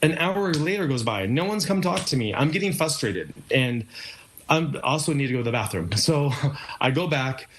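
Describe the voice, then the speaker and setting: A man's voice: a little high, expressive, normal speed, fairly bright tone, slight background noise. A man telling a personal story as an interview guest, rambling with many fillers and quoted asides.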